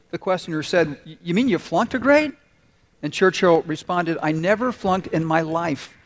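Earnest high-voiced male preacher. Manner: earnest, storytelling, slows down for emphasis. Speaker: pastor. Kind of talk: sermon.

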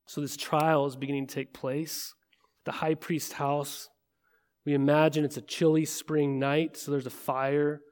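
A man preaching a sermon in a conversational way, often checking in with listeners and slowing to a hush at weighty moments. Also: a little high, clean tone. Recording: long reverb of a large hall.

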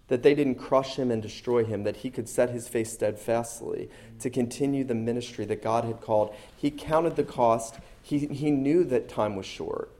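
A man delivering an emphatic sermon to his congregation. He speaks earnestly and comes back again and again to his main phrases. His voice sits at an everyday middle pitch. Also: mellow. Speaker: pastor.

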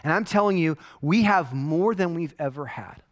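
A man's voice: fairly high pitch, expressive, normal speed. A man in his forties preaching a casual, joking sermon as a pastor in a church, with mock-quoted asides. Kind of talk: conversational sermon.

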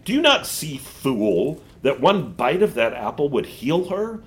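A man's voice: on the high side, very animated, measured pace, pitched above the performer's own voice. A man reading a storybook aloud and voicing a scheming female witch who coaxes and scorns a boy. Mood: coaxing.

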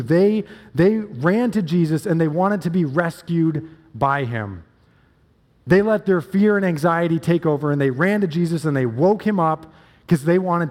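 Pastor preaching in a reverberant hall. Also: male voice, fairly high pitch, a little mellow. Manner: storytelling, emphatic with repeated phrases. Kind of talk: sermon.

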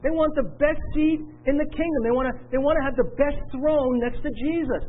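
A man's voice: very high voice, fairly even intonation, fairly quick, phone-quality sound. A middle-aged man preaching a sermon with earnest, repetitive emphasis. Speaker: pastor.

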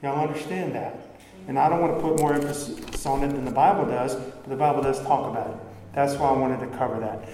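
Earnest preacher in an echoey hall. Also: male voice, medium pitch, steady tone, a little fast, dark tone. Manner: earnest, conversational preaching with rising emphasis. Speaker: pastor. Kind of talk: sermon. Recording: echoey hall, faint room ambience.

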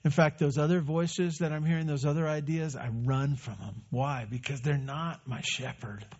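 A man's voice: on the high side, steady tone, normal speed, a little mellow, lo-fi sound. A man preaching a sermon in a conversational way, asking rhetorical questions and answering them. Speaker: pastor.

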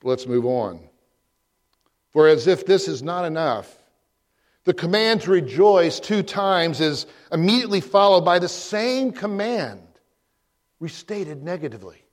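A man preaching a sermon as pastor, posing emphatic rhetorical questions with frequent pauses. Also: a little high, lively intonation. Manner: slow, deliberate delivery with frequent pauses.

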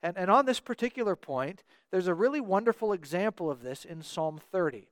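A man's voice: high voice, lively intonation, a little fast, no room sound, clean studio sound. A man preaching a sermon as pastor, earnest and repeating words for emphasis.

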